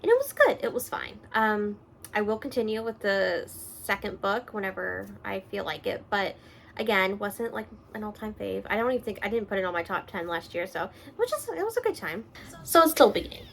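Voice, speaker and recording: Reviewing books in a relaxed home vlog, this woman laughs easily and stays animated. She speaks at a medium pitch with vocal fry, jumping from loud exclaims to hushed, half-whispered asides, and there's slight background noise.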